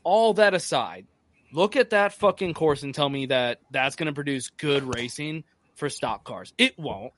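A man's voice: fairly high pitch, expressive, a little slow, a bit bright. A man co-hosting a podcast, talking in a blunt, ranting, casual way and swearing often. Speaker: podcast co-host. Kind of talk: casual profane chat.

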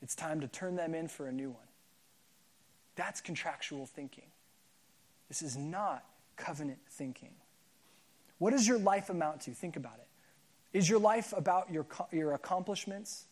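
A man with a fairly high voice preaches a sermon in a loose, conversational way. He tells stories as he goes, with plenty of fillers and false starts. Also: moderate pace, pauses often. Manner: conversational storytelling with fillers and restarts. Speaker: pastor.

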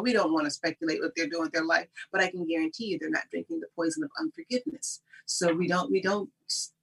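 A woman's voice: deep voice, gravelly, husky. A woman guest giving emphatic, preachy motivational talk in conversation, often laughing. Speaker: guest speaker on personal growth.

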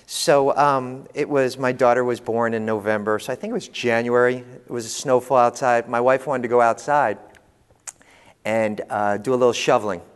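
A man telling humorous, animated parenting stories to an audience as a panel speaker. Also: mid-range voice, normal speed, clear, resonant tone. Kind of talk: storytelling talk to an audience. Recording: long hall reverb.

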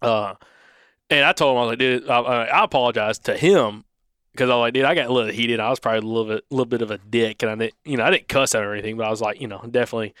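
Guy co-hosting a podcast, rambling quick, acting out what folks said, dry sound. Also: medium pitch, a bit bright, clean tone, no room sound. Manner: rambling, restarts, acts out quoted dialogue. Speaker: podcast co-host. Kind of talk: casual storytelling chat.

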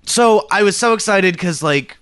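Podcast co-host, male, smooth clear voice, rambling halting delivery, dry close studio sound. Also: high-pitched, expressive, a bit bright, no echo. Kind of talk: casual chat. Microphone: studio mic.

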